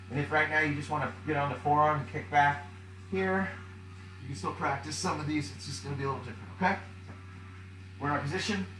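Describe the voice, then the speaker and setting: A man's voice: on the high side, a bit bright, reverberant, a little hiss or hum, rough recording. A man coaching a home workout as he does it, counting reps aloud, out of breath, with upbeat cues. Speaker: fitness coach. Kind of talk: guiding a workout while doing it.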